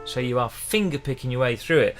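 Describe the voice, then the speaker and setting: A man's voice: medium pitch, lively intonation, quick pace, loud music behind the voice. A middle-aged man, teaching ukulele in a chatty, encouraging livestream lesson, counting in the beats. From England. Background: faint ukulele playing.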